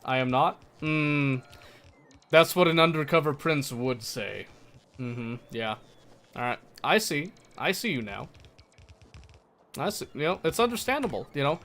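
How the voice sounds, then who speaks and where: A man's voice: a little high, animated, unhurried, fairly bright tone. A young American man chatting casually on a livestream, laughing often and answering chat. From United States.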